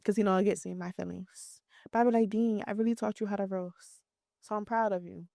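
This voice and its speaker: A woman's voice: mid-range voice, fairly quick, creaky, no echo, studio quality. A woman in her thirties chatting casually as a podcast co-host, telling family stories and acting out what people said. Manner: animated storyteller, acts out quotes in lively voices. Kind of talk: casual chat.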